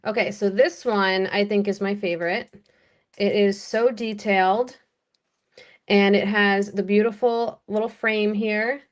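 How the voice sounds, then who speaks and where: Slow-talking woman running a live auction. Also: medium pitch, steady tone. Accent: American. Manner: chatty, running bids while handling jewelry; unhurried, describing pieces in detail. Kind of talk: live-stream auction patter.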